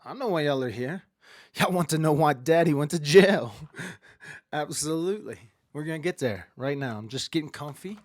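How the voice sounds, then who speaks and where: A man's voice: on the high side, lively intonation, moderate pace, no room sound, studio quality. A man hosting a casual livestream, talking straight to his camera in a chatty, rambling storytelling way. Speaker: livestream host. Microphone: webcam or phone camera at close range.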